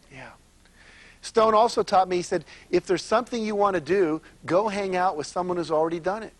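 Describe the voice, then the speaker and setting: A middle-aged man, a motivational speaker, giving a live seminar talk, telling stories and asking the audience questions. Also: on the high side. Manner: storytelling, asks the audience questions.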